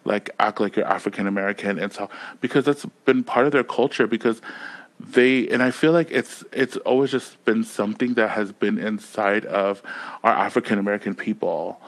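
A man co-hosting a podcast in casual chat, animated and profane, laughing often and slipping into mimicked voices. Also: on the low side, normal speed, rough recording. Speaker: podcast co-host.

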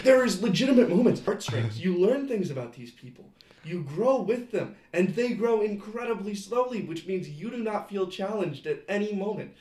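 A man co-hosting a podcast, chatting casually with animated, sarcastic asides. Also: high-pitched, normal speed. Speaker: podcast co-host. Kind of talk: casual chat reviewing a reality show. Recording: echoey room with faint noise.

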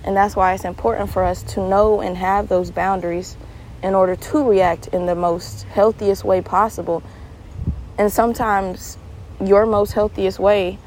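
Young woman podcast host, animated solo talker, mid-range voice. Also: mid-range voice, unhurried, pauses often, a little hiss or hum, low-quality recording. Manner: animated storyteller, laughs often, swings to earnest advice. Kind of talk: casual solo monologue.

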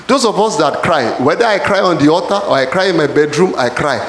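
A man preaching a sermon in a church, often shouting calls to the congregation. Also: fairly high pitch, lively intonation, brisk. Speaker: pastor. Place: church hall. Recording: echoey church hall.

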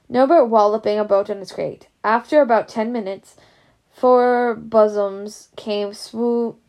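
A woman's voice: mid-range voice, darkish tone. Woman reading a storybook. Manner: casual, unpolished reading. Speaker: reader. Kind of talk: storybook read-aloud.

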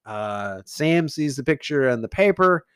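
A man co-hosting a casual film chat, recapping the plot in a measured way and laughing often. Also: fairly high pitch, lively intonation, a bit bright, smooth, dry recording, studio quality. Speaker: podcast co-host.

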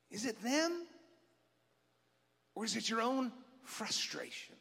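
A middle-aged man preaching a sermon as pastor, animated and joking with his congregation. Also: very high voice. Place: church sanctuary. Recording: long reverb of a church hall.

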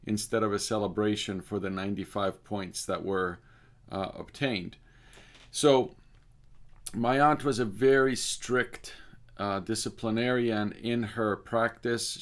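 Measured low-voiced man telling a story. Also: steady tone. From Cyprus. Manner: measured, deliberate, lingering over details. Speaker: speaker and author. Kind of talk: personal storytelling talk.

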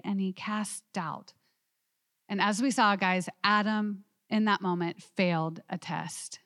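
A woman teaching a women's Bible study class, animated and asking her listeners questions. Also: mid-range voice, takes it slowly, no echo, studio quality.

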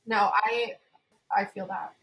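A woman's voice: mid-range voice, slow, rough recording. A young woman co-hosting a podcast, chatting casually and agreeing often with short replies. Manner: relaxed, agreeable, short affirmations. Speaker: podcast co-host. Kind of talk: casual chat.

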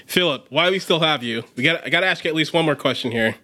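A man in casual chat as co-host, animated and asking long, rambling questions. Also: fairly high pitch, fast talker.

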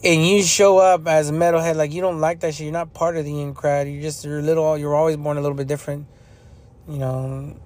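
A man's voice: on the high side, little pitch movement, brisk, darkish tone. A young man hosting a podcast, talking in a blunt, profane, repetitive ranting manner about music. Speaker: podcast host. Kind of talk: casual opinion monologue.

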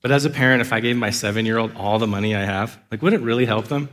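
Pastor preaching in a reverberant hall. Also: male voice, lowish voice, fast talker, a bit bright. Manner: earnest, with acted asides and laughs. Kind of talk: sermon. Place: church sanctuary. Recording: long reverb of a large hall.

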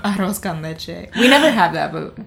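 A woman's voice: fairly low pitch, lively intonation, normal speed, gravelly. A young woman co-hosting a podcast in casual chat, rambling and giggly with lots of fillers. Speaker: podcast co-host.

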